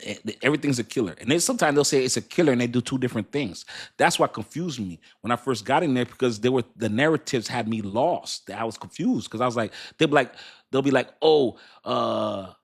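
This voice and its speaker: A man's voice: medium pitch, animated, fast, breathy edge. Man, middle-aged, crypto stream host, casual chat, rambling, laughs a lot, restarts sentences.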